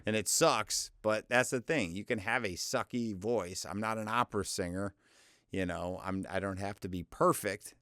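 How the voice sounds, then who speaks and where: A man's voice: fairly low pitch, moderate pace, a bit bright, no room sound, clean studio sound. A man in his forties coaching voiceover work in a loose, chatty, self-deprecating way, his voice often cracking. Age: 40s. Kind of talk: casual instructional talk.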